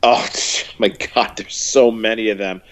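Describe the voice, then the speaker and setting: A man's voice: fairly low pitch, steady tone, measured pace. A man co-hosting a podcast, telling stories in a loose, rambling way full of fillers. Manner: rambling, filler-heavy storytelling with quoted impressions. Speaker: podcast co-host. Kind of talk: casual chat.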